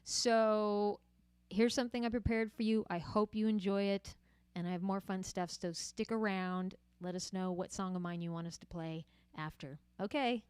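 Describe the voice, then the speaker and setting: Smooth-voiced woman chatting to viewers. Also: mid-range voice, steady tone, normal speed, darkish tone, dry recording. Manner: chatty and friendly, with frequent fillers. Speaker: musician hosting a livestream. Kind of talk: casual livestream chat to viewers.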